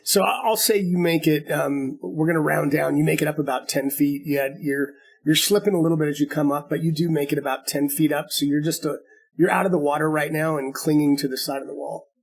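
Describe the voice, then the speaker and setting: A man's voice: on the high side, fairly even intonation, brisk, vocal fry, slightly rough. A man narrating as game master, patiently explaining the rules step by step.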